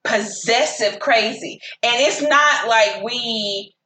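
A woman telling dating stories in casual chat, profane and animated. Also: fairly high pitch, takes it slowly, roomy sound.

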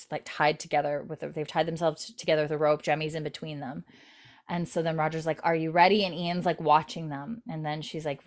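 Woman, lowish voice, casual recap chat, quotes characters, giggly. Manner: retells scenes, quoting characters in lightly put-on voices; giggles often. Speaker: recap host.

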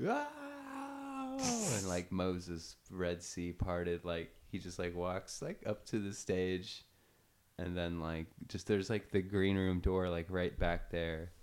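A man's voice: low voice, little pitch movement, slow, darkish tone, smooth. A man hosting a podcast, telling a story in a loose, profane way full of fillers. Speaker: podcast host. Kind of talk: casual storytelling chat.

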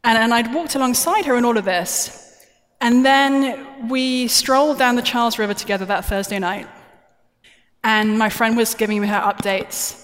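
A woman speaking from a conference stage in a chatty, joking, self-deprecating way. Her voice sits a little high and carries a long reverb from the large hall around her. It is recorded from a stage mic. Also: normal speed. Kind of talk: plenary talk.

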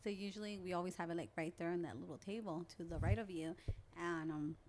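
A woman's voice: fairly low pitch, fast, darkish tone, a little hiss or hum. A young woman, a guest on an interview show, chattily retelling conversations and memories in a casual storytelling way. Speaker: guest, older sister.

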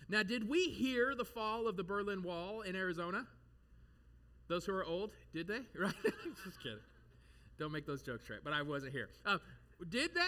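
A man delivers a lively sermon, tossing out rhetorical questions and light jokes. His voice sits a bit high and rings bright and forceful. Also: normal speed. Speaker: pastor.

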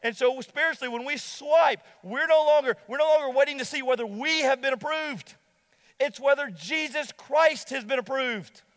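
A pastor preaching a sermon to a congregation, emphatic and slowing down to stress key lines. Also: male voice, extremely high pitch, a bit bright, big-room sound.

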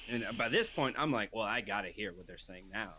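A man's voice: lowish voice, fairly quick, a little hiss or hum. A man co-hosting a podcast, telling a long story in casual chat and acting out the voices of the people in it. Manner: animated storyteller, acts out quoted voices. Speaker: podcast co-host.

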